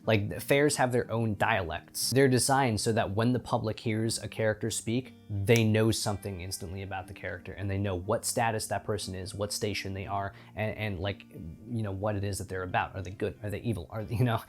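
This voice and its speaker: A man with a slightly low voice chats casually to the camera as a channel host. He rambles, fills his talk with fillers and restarts, and keeps correcting himself. Soft guitar music plays faintly behind him. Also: fairly even intonation, fairly quick. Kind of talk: casual talking-head chat.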